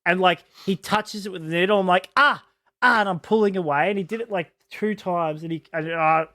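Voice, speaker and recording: A man with a notably high voice tells a casual story on a podcast. He halts, restarts and acts out what people said. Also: bright, forceful tone. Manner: halting, restarts often, acts out quotes. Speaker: podcast co-host.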